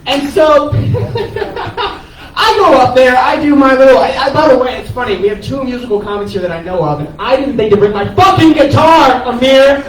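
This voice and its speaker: A man who is a stand-up comedian, giving an animated, profane comic eulogy on a cafe stage, laughing as he tells it. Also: very high voice, a little fast. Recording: echoey room from far off, noisy.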